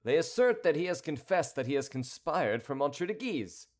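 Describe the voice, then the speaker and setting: A man's voice: fairly high pitch, sing-song, darkish tone, voice pushed up. A man as a sly, courteous townsman. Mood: teasing. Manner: polite, measured, teasing. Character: sly, composed male townsman who likes to tease.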